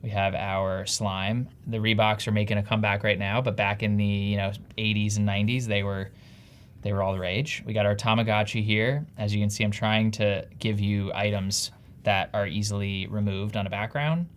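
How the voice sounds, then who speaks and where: A man's voice: on the low side, steady tone, normal speed, a little hiss or hum. A man with a New Jersey accent, co-hosting a casual live stream in an upbeat, chatty, self-deprecating way. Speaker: livestream co-host.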